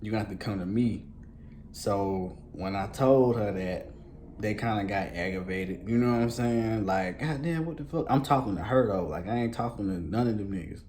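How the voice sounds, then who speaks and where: A man tells a casual storytime in a low, mellow voice. He talks loosely in street slang and swears often, leaning on fillers as he goes. Faint noise sits under the recording. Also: moderate pace. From Columbus, Georgia, US.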